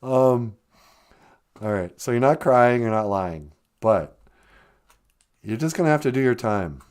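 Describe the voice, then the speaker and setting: Low deadpan guy hosting a comedy podcast, slow and dry, explains words of the day. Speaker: podcast host and language teacher.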